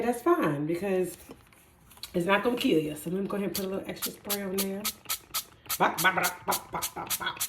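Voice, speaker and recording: A woman, chatting excitedly while she cooks in a casual vlog. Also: medium pitch, echoey room, slight background noise. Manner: chatty and excitable, laughs easily. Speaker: fitness vlogger cooking at home. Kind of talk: casual cooking vlog chat.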